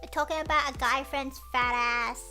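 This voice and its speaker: A woman streamer telling a story in casual chat, animated and acting out what people said, often breaking into laughter. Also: high voice, normal speed, faint music behind.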